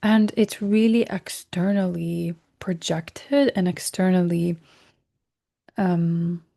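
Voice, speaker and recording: A woman hosting a recorded self-help workshop. She speaks gently and reflectively, corrects herself mid-sentence, and drops into soft whispers on key words. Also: fairly low pitch, slow, gravelly. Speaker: workshop host.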